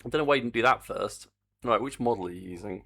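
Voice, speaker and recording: Mid-range in pitch, quick, sharp, with a breathy edge, a man streams himself building a game. He chats casually while coding, muttering exasperatedly and humming along as he works.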